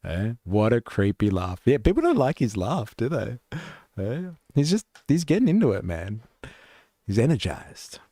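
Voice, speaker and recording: A man's voice: mid-range voice, wildly swooping pitch, moderate pace, warm tone, no room sound, studio quality. A man hosting a live stream, casually commenting on clips in a rambling way with lots of fillers.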